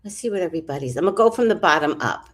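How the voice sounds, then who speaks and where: A woman's voice: lowish voice, lively intonation, racing. A woman chatting casually on a livestream, reading out comments with rambling, profane asides and jokes. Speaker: vlogger.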